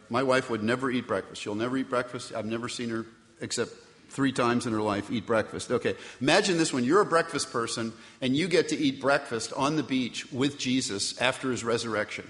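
A man's voice: medium pitch, a little fast, a bit bright. A middle-aged male pastor preaching a sermon in a conversational way, asking the congregation questions and acting out the quotes he tells. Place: church sanctuary. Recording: long reverb from a large hall.

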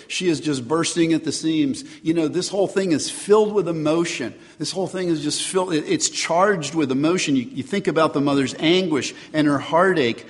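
Man preaching with earnest rhetorical questions, somewhat high-pitched, long hall reverb. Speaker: pastor. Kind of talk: sermon.

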